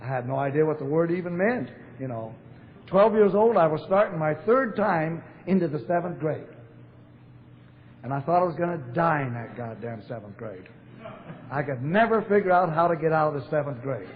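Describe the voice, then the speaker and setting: A man's voice: a little high, lively intonation, moderate pace. Older man from Portland as AA speaker, blunt and wry, old tape with a thin sound and faint hiss. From Portland, Oregon, USA. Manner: storytelling, blunt, wry humor with fillers. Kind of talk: recovery talk to a convention audience. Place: large convention hall. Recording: echoey hall, phone-like narrow sound, faint hiss.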